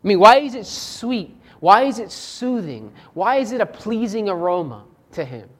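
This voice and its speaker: Preacher delivering a reflective sermon, reading scripture with expressive swings from soft to emphatic, mid-range voice. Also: moderate pace. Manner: expressive, swings between soft low asides and raised emphatic lines; reflective, asks rhetorical questions.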